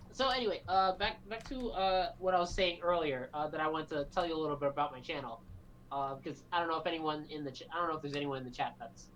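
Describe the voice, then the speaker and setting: A man's voice: a little high, a bit bright, rough recording. A man talking as a guest on a podcast, hesitant and full of fillers and restarts in casual chat.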